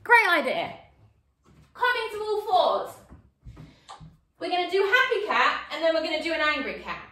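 A woman teaching kids yoga over a video call, her high, bright voice bouncing and sing-song as she calls out poses. She sounds a little away from the mic in an echoey room. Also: moderate pace, far from the mic. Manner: animated, playful, sing-song with children. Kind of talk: online kids yoga class.

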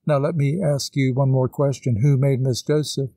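A man's voice: medium pitch, flat delivery, moderate pace, dark tone, no echo, close to an everyday voice. A man reading a patient, moralizing woman teacher. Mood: earnest. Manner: patient, instructive. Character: kindly older woman teacher, gentle and moralizing. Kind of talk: audiobook dialogue reading.

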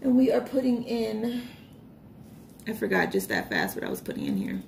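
A young woman chatting casually while budgeting, telling a story with lively retold reactions. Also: mid-range voice, moderate pace, creaky, slight background noise. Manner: chatty storytelling, animated retellings. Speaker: vlogger.

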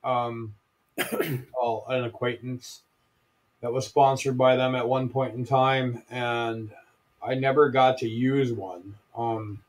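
Plainspoken fishing guide, mid-pitched. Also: male voice, flat delivery, slow pace. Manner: plainspoken, matter-of-fact about fishing. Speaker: fishing lodge staff, ice fishing guide. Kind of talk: casual live-stream chat.

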